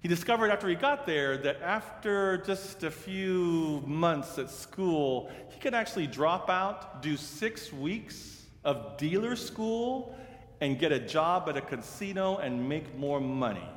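A man, a pastor and seminary teacher, tells a story in a sermon, earnest, and he grows hushed and slow in the sad parts. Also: fairly high pitch, expressive. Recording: reverberant hall with faint ambience.

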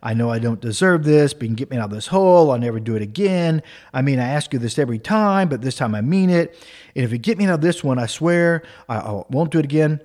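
A man's voice: medium pitch, expressive, quick pace, a little mellow, lightly acted. A man voicing a desperate male gambler who prays to God, pleading and then cursing at him.

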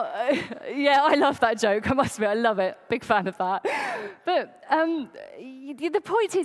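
Lively woman preaching in a hall. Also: sits high. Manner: conversational, tells jokes. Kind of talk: sermon.

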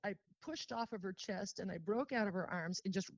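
A woman telling her personal story as an interview guest, earnest and heartfelt, emotional and near tears, slowing down on solemn phrases. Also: medium pitch, no room sound, lo-fi sound.

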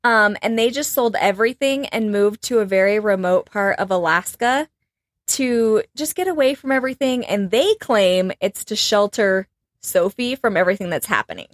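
A woman's voice: mid-range voice, moderate pace, no room sound. A woman telling a true-crime story to a co-host in loose, chatty podcast talk, full of "like" and half-finished phrases. Her voice sits mid-range and sounds dry and close to the mic, with no room around it. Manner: chatty, lots of "like" and trailing phrases.

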